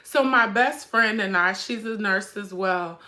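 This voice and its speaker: A woman's voice: mid-range voice, unhurried, sharp tone. A middle-aged woman hosting a livestream, speaking with her viewers casually and directly while she fights back tears. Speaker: livestream host and mother. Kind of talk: emotional casual livestream chat.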